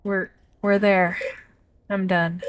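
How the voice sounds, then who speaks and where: A woman's voice: medium pitch, flat delivery, slow pace, smooth, dry recording, close to an everyday voice. Woman as a loyal beast servant, earnest, pleading, game voice. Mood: urgent. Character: loyal devoted beast servant, anxious and tender.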